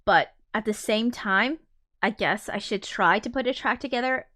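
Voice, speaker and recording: A woman's voice: on the high side, normal speed, bright, forceful tone. Rambling woman chatting on a live stream. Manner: rambling, lots of fillers and swearing; reads viewer comments aloud. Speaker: musician streamer. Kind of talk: casual live-stream chat.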